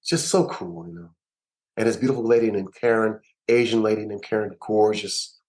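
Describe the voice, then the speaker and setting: A man, a musician and producer, telling stories in an interview with an emphatic, animated way of talking and lots of repeated words. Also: on the low side, moderate pace, rough recording. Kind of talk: storytelling interview.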